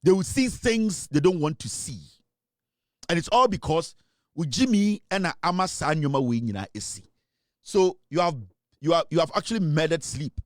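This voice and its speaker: A man's voice: on the high side, expressive, normal speed, no echo, studio quality. A man hosting a live talk show, delivering repetitive, threatening accusations. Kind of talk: heated live commentary.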